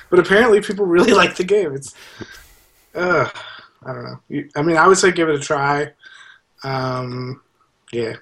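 A young man co-hosting a casual podcast, rambling and halting as he talks. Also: on the high side, fairly bright tone. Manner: rambling, halting, laughs while talking. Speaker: podcast co-host. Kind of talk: casual chat.

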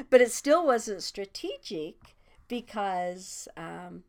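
A woman in her sixties who teaches kindergarten chats casually, laughing often between thoughts. Her mid-range voice is very animated, and she speaks very slowly.

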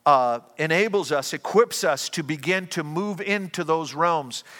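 A man preaching a sermon as pastor, earnest and given to quick restarts. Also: a little high, a bit bright, big-room sound.

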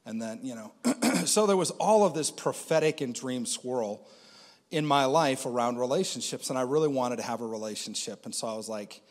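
A man's voice: mid-range voice, lively intonation, moderate pace, long reverb tail. A man giving a conversational personal testimony as a Christian speaker, with lots of fillers.

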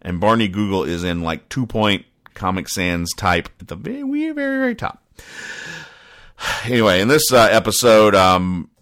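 Low bright-toned deadpan man. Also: moderate pace, no room sound. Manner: dry, rambling, stops and restarts. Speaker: comedy podcast host. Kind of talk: deadpan comic-strip commentary.

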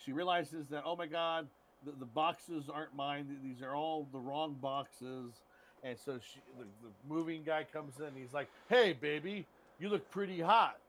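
A man's voice: on the high side, steady tone, normal speed, fairly bright tone, slight background noise. A man co-hosting a podcast in loose, joking, profane casual chat. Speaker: podcast co-host.

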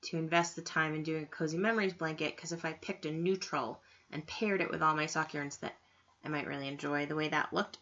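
A woman's voice: low-pitched, a bit bright. A woman hosting a knitting podcast, talking in a chatty, enthusiastic way with plenty of ums and asides. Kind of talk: casual podcast chat. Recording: slightly dull lo-fi audio.

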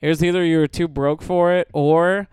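A man's voice: on the high side, fairly even intonation, moderate pace, a little mellow, clean tone, no echo, clean studio sound. A man co-hosting a casual comedy podcast, acting out mock phone calls in silly voices. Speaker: podcast host.

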